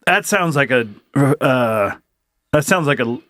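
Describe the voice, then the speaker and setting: A man's voice: mid-range voice, expressive, slow, fairly bright tone, no room sound, clean studio sound. A man co-hosting a casual comedic podcast, rambling and restarting as he builds a joke. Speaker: podcast co-host.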